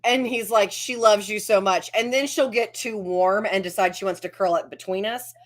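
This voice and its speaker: A woman's voice: mid-range voice, normal speed. A woman chatting casually over a video call, telling stories and acting out what others say. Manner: chatty storyteller who acts out quotes. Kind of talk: casual chat.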